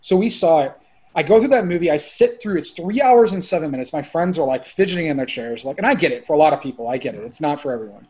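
Excitable rambling man, slightly high voice. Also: fast. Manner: excitable, rambling, peppered with "like" and swearing. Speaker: filmmaker guest. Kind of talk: casual podcast conversation.

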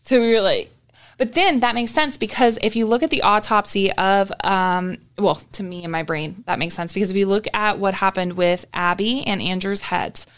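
A woman's voice: mid-range voice, fairly even intonation, moderate pace, clean tone. A young woman co-hosting a podcast, telling a story in casual chat with lots of swearing. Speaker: podcast co-host.

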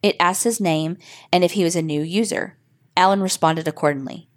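A woman narrates a horror story in a steady, measured way. Her voice sits on the low side for a woman. The telling is scripted and even. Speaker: podcast host reading a listener story.

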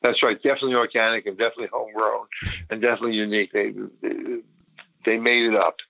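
A man's voice: fairly low pitch, steady tone, very fast, vocal fry, no echo. An older man, a photographer, recalling his past in a rambling, casual interview. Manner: rambling, with many restarts and fillers. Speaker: photographer guest. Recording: tinny phone line, dry.

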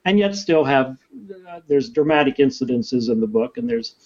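A man, an author, telling stories in a lively, chatty way during a podcast interview. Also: medium pitch, normal speed, highs cut off.

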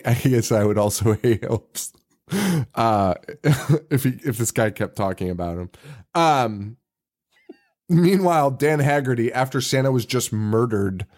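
A man in casual podcast chat, retelling movie scenes with mock quotes and frequent laughter. His pitch swings widely and his manner is loose and playful. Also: darkish tone. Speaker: podcast co-host.

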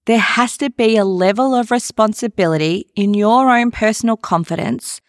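A woman's voice: fairly high pitch, normal speed, no room sound, clean studio sound. A woman hosting a podcast, talking frankly and playfully in casual chat. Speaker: podcast host.

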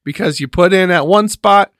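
An easygoing man co-hosting a casual chat show who laughs often. His voice sits a little high, and the recording is dry and close. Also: normal speed, fairly bright tone, no room sound. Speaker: podcast co-host.

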